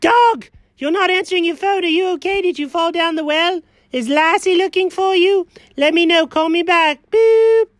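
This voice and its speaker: A performer voicing an excitable, chatty male house cat who frets aloud and bursts into dramatic outcries, in a one-person comedic audio story. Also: very high voice, moderate pace, dry recording, pitched above the performer's own voice. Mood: worried. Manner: talks to himself, frets, dramatic outbursts.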